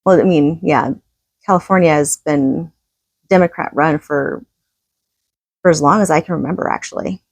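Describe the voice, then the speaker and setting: A woman's voice: sits low, moderate pace, vocal fry, long pauses, no room sound. A woman reading from a book and commenting in a casual, opinionated, conversational way.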